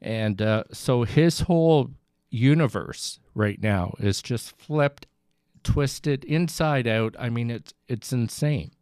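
A man hosting a podcast, talking in a halting, thoughtful way with frequent restarts. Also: medium pitch, darkish tone, clear, resonant tone, dry recording, clean studio sound. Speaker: podcast host. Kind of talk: casual podcast conversation.

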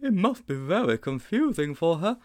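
A man voicing an eager young schoolboy in a high, keen voice. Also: big pitch swings, normal speed.

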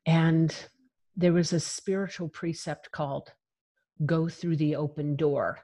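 A woman's voice: deep voice, fairly even intonation, a little slow, mellow. A woman guest in an interview, telling her own story in a frank, emphatic way and laughing between phrases. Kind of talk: candid personal storytelling.

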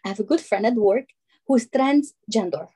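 A firm, matter-of-fact middle-aged mother, as her daughter puts her on. The voice sits fairly high and sounds mellow. She speaks in a plain, no-nonsense manner. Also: animated, normal speed, slight background noise, close to an everyday voice. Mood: indignant. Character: middle-aged mother with Albanian accent, indignant.

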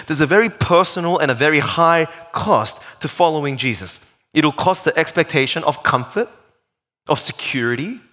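A male pastor preaching a sermon, animated and full of rhetorical questions. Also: on the high side, moderate pace.

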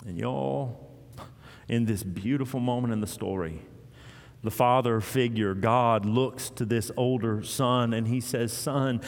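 A man preaching a sermon in a church, retelling a parable and acting out its voices with animated storytelling. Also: medium pitch, unhurried. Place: church sanctuary. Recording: long hall reverb.

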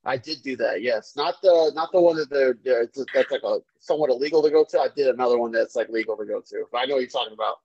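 A man chats quickly and eagerly hands out advice. His voice arrives dry and muffled, as if over a lo-fi connection. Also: medium pitch, a little mellow, slightly rough, no room sound. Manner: quick, chatty, gives tips. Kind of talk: casual chat.

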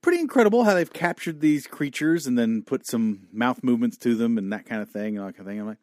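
A man co-hosting a podcast in casual chat, animated and swearing freely. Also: medium pitch, fast talker, no room sound, studio quality. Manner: animated, swears a lot, gets choked up. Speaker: podcast co-host.

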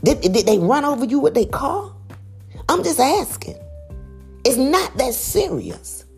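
A woman giving a preachy motivational talk, emphatic and full of rhetorical questions, swinging from loud high exclamations to low quiet asides. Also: sing-song, measured pace, creaky, soft background music. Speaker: motivational speaker.

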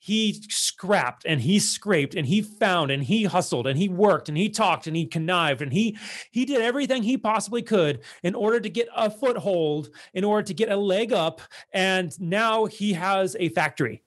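A man's voice: high voice, expressive, moderate pace. A man speaking to his followers in a blunt, exasperated monologue, full of filler words and repeated refusals. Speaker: online content creator.

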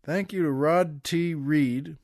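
An older American man hosting a comedy show, telling a long joke with folksy, chuckling asides in a relaxed way. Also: on the high side, slow, no room sound, clean studio sound. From United States. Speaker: podcast host. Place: studio.

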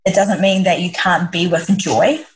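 A woman's voice: lowish voice, fairly even intonation, measured pace, breathy edge, poor audio. A woman who works as a leadership coach, answering interview questions in an earnest, reflective way, often restarting her sentences. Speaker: leadership coach, podcast guest.

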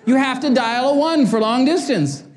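A middle-aged man giving a sermon as a pastor, telling a lively story, acting out quotes and laughing at himself. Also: very high voice, moderate pace.

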